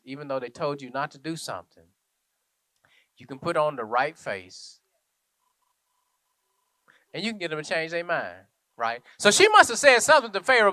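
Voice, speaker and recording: A male minister preaches in a chatty, call-and-response way. His voice sits high and swings widely in pitch. The sound is dry and close. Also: bright, forceful tone, no echo. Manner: conversational, checks in with listeners. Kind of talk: sermon. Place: church.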